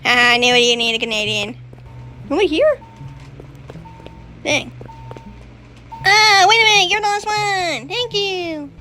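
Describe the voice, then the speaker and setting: A young woman with a very high voice talks slowly through her gameplay, panicking and stammering with nervous filler sounds. Game music plays clearly behind her. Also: lively intonation, pushed and bright. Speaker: gamer playing a video game. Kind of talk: gameplay commentary.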